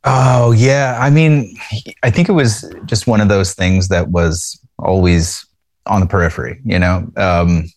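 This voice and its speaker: A man from Canada, an actor, talking in a relaxed way as an interview guest from his home, pausing with fillers as he thinks. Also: low voice. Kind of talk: casual interview.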